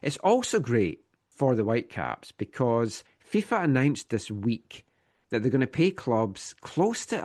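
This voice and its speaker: A man hosting a relaxed sports podcast, running through the week's club news in a steady, informative voice of ordinary pitch. He keeps it conversational and teases his co-host with dry humour. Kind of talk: casual sports news rundown.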